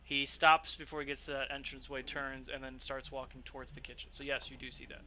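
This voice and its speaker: A man's voice: mid-range voice, level tone, quick pace, bright, forceful tone, low-quality recording. A man narrating a tabletop game as game master, describing scenes loosely with lots of fillers.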